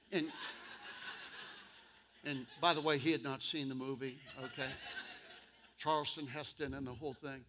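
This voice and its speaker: A male pastor preaching to his church, humorous, with sudden loud bursts and slow, emphatic stretches. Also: medium pitch. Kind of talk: sermon.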